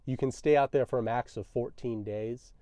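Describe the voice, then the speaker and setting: Young male vlogger, mellow voice, dry close sound, casual wry storyteller. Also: mid-range voice, moderate pace, no room sound. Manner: relaxed, self-deprecating, wry.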